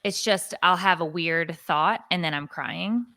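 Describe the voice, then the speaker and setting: A woman in her forties co-hosts a podcast, rambling through a confessional story packed with fillers in casual chat. Her voice sits on the low side, a little slow, pushed and bright, with no echo.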